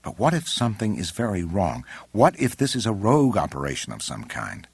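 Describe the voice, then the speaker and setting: A man voicing a composed middle-aged male intelligence chief who speaks in a measured, respectful way, in an audiobook. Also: lowish voice, wildly swooping pitch, slightly rough, no room sound, exaggerated voice. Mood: earnest.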